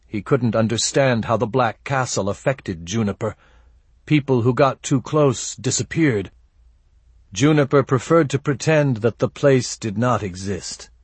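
Brief: male narrator with a husky, slow, measured read, dry close-mic sound. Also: mid-range voice, no echo. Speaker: audiobook narrator. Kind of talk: scripted narration.

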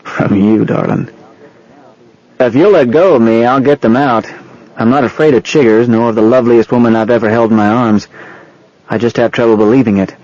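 A man's voice: mid-range voice, steady tone, a little fast, a little mellow, lo-fi sound, natural voice. A man voicing a smitten young soldier. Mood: affectionate. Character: smitten young male soldier, earnest and admiring.

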